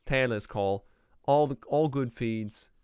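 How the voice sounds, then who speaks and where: A mock-formal reader with a Boston accent that wanders, as a man puts it on, stretching each phrase of an old definition with theatrical weight. The tone is smooth and resonant. The recording is close and dry. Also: medium pitch, takes it slowly, a little mellow, no room sound, close to an everyday voice. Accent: Boston, put on and wobbly.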